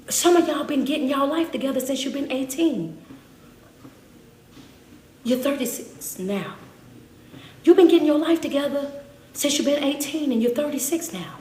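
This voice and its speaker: A woman's voice: high-pitched, darkish tone. A woman motivational speaker delivering an emphatic speech, with preacher-like repetition and laughing asides. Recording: roomy echo.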